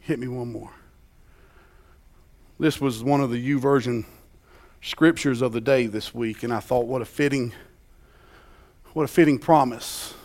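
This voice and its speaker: A man preaching a sermon as a pastor, rising to loud emphatic peaks and dropping to hushed quiet lines. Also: medium pitch, unhurried, pauses often.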